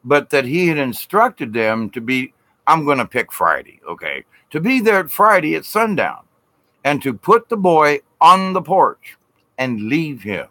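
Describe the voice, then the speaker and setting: A man with a Southern US drawl tells a ghost story in a loose, rambling way. He keeps saying "he said" and drags out words for suspense. His voice is bright and forward, and it is recorded close and dry with no room echo. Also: a little high, sing-song. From Southern United States. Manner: rambling, repeats "he said", drawn-out dramatic pauses. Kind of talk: casual spoken ghost story.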